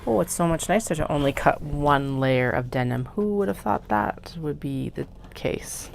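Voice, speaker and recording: Vlog crafter, woman with a low gravelly voice, chatty asides, faint room hiss. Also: expressive, a little slow. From Canada. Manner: chatty, self-mocking, muttering to herself while cutting fabric. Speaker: craft maker. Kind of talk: casual work-along vlog narration. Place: home sewing studio.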